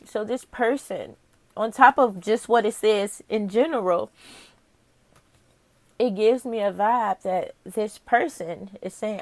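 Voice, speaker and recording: A woman's voice: medium pitch, slow, no echo. A woman doing a casual tarot reading, talking straight to the viewer, candid and profane, musing aloud. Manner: candid and profane, with frequent laughs. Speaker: tarot reader.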